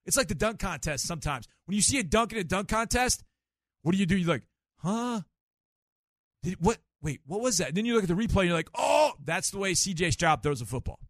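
Emphatic middle-aged male sports radio host, high and bright, dry close studio sound. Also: fast, dry recording. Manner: animated, emphatic, explains with examples. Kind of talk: sports talk radio call-in show. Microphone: studio microphone.

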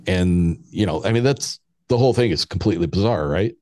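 A man's voice: sits low, a little fast, a little mellow, no room sound, clean studio sound. A man in his fifties telling a casual personal anecdote, rambling along with restarts and chuckles. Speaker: storyteller.

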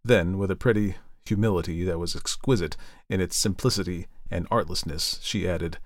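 Audiobook narrator, man, low voice, steady measured reading, dry close sound. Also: dry recording.

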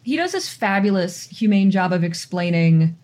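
A woman's voice: on the low side, very animated, normal speed, a little mellow. A woman co-hosting a casual film podcast, talking frankly with a wry edge. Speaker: podcast co-host.

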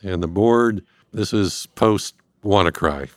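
A man speaking as a guest expert, explaining risk step by step in a measured way. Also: low-pitched, no echo, studio quality. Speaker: industrial cybersecurity guest expert. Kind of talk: explanatory interview talk.

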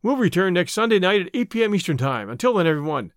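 A man narrating a mystery story and hosting the show, with expressive storytelling. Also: high voice, quick pace, dry recording, studio quality. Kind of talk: audiobook narration.

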